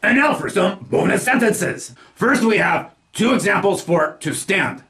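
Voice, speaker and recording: A man narrating a scripted language lesson, reading example sentences slowly and with care. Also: sits high, expressive, pushed and bright, roomy sound. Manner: slow deliberate enunciation of example sentences. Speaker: language teacher.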